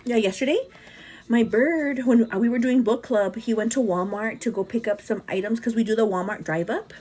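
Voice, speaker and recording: A woman's voice: a little high, moderate pace, slight background noise. A woman in her thirties hosting a beauty livestream, talking non-stop and a bit out of breath, calling her viewers "girl" as she answers their comments. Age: 30s. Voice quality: energetic, hyperactive delivery. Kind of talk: casual livestream chat.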